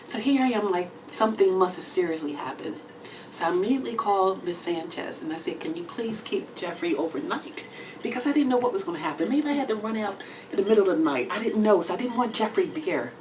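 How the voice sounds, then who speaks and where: A woman with a Texan accent tells a long comic story on a club stage, her voice dropping to near-whispers and then bursting out loud. She sits a bit back from the microphone, and faint room ambience hums behind her. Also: medium pitch, fast, recorded from a distance, background noise. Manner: animated storytelling with swings between whispers and loud exclamations. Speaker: comedian. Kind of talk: storytelling stand-up solo show.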